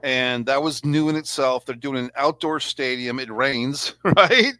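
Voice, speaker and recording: A man's voice: mid-range voice, fairly even intonation, measured pace, sharp tone, smooth, dry recording. A man hosting a casual review chat, rambling and sarcastic as he talks things through. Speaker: podcast host.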